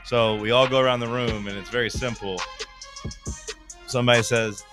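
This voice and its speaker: A man's voice: mid-range voice, steady tone, normal speed, music in the background. A man hosting a sports radio talk show, jokey and bantering with his co-hosts.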